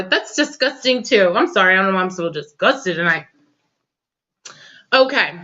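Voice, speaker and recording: A woman's voice: mid-range voice, expressive, moderate pace, pushed and bright, muffled recording. A woman hosting a political talk show, impassioned and tearful, speaking in casual slang. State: crying. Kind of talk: emotional political commentary.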